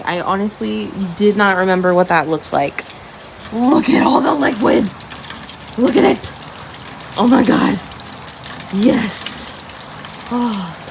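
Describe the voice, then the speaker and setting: A chatty young woman, vlogging casually about her week as a small shop owner, now and then dropping into a hushed whisper. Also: mid-range voice, background noise. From Texas. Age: 20s. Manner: bubbly, chatty, drops to whispers when cozy. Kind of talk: casual vlog chat. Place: outdoors at home during a rainstorm, then indoors. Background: rain falling.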